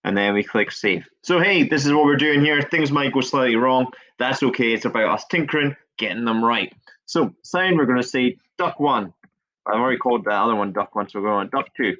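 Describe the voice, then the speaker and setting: A man with a medium-pitched voice teaches a coding tutorial step by step, staying chatty and relaxed and brushing off his own small slip-ups. It's captured as a dull, lo-fi screen recording.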